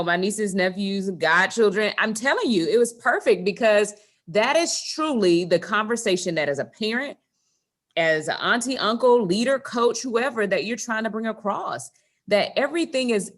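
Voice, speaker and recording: A woman hosting an online conversation, speaking earnestly and repeating phrases for emphasis. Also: medium pitch. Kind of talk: casual chat. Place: online video call.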